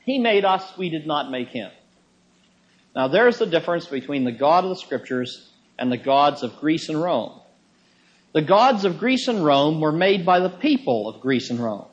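Emphatic male preacher, slightly high voice. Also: lo-fi sound. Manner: emphatic, with sudden rises in pitch for stress. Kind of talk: sermon.

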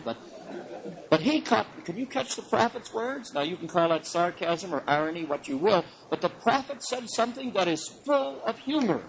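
A man giving a lecture on the Bible in an animated way, chuckling often and swinging his pitch for emphasis. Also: normal speed, low-quality recording. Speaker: Bible teacher.

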